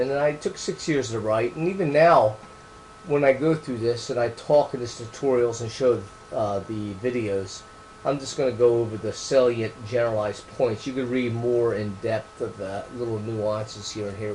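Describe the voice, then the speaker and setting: A man's voice: mid-range voice, normal speed, a little mellow, poor audio. Male author, casual monologue, repeats himself for emphasis, slight background hum. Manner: rambling, repeats words for emphasis. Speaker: author explaining his book.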